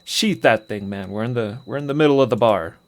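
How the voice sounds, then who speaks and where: A guy streaming an old rpg, chill and jokey, just talking over the game at a plain middle pitch. he makes quick wisecracks as he goes. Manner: casual, joking. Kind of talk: live game commentary.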